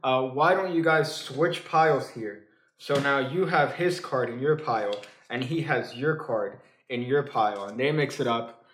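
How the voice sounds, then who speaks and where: A man's voice: medium pitch, fairly bright tone, roomy sound, a little hiss or hum. A man teaching a card trick in a casual, comic way. He stumbles over his words with many fillers and restarts, and he drops dry jokes as asides. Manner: halting, full of fillers and restarts. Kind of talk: casual comedic tutorial.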